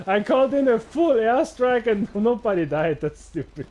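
A gamer giving giggly, excitable commentary while playing, swearing and shouting at the game. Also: mid-range voice, normal speed, few pauses, a little hiss or hum. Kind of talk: gameplay commentary.

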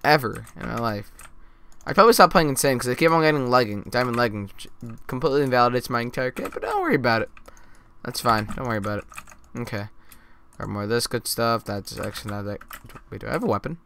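A man talks through a live game with a bright, sharp voice, bragging in jest and muttering to himself between loud outbursts. Faint keyboard clicks and typing sit behind him. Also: medium pitch, expressive, quick pace, gravelly, a little hiss or hum. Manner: mock-boastful, jokey self-talk with sudden loud outbursts. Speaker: gaming YouTuber. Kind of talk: live gameplay commentary.

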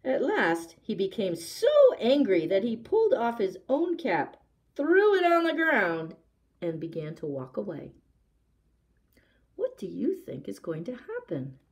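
Woman librarian, children's story-time reader, lively pitch, unhurried. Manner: slow, expressive, asks young listeners questions. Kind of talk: story time read-aloud.

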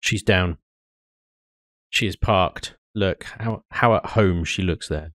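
A man's voice: low voice, takes it slowly, no echo. Chatty man narrating his game. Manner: chatty, excitable, laughs often, mild British slang. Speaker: gaming YouTuber. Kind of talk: casual let's-play commentary.

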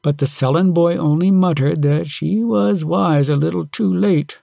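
A man reading a storybook aloud in a calm, measured way. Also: on the high side, creaky, no echo.

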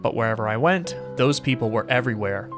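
Male streamer, mid-pitched voice, reading a horror game's story aloud, game music playing underneath. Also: animated, quick pace. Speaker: gaming streamer.

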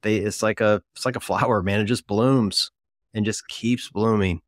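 Low-voiced joking male podcast host. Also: fairly even intonation, moderate pace, no echo, clean studio sound. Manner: joking, chatty. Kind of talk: casual interview chat.

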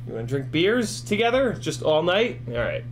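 With a slightly high, sing-song voice at normal speed and a little background noise, a tipsy fortysomething man runs a casual FPV drone livestream chat. He rambles, laughs a lot, and launches into profane rants.

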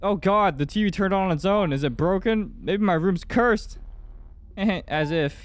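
A young man with a high voice provides jumpy gameplay commentary on a horror game, speaking at a moderate pace. He talks to himself and swears every so often.

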